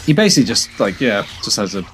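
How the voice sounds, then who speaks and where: Give me an animated man reacting to a film, lively and expressive, with soft music behind. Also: lowish voice, fast talker. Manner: animated, laughing, often restarts mid-sentence. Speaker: film watch-along co-host. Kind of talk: casual reaction chat over a film. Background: faint film soundtrack music.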